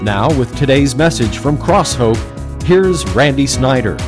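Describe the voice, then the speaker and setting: A man's voice: mid-range voice, animated, measured pace. A male announcer reading a scripted introduction to a religious radio program. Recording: music bed under voice.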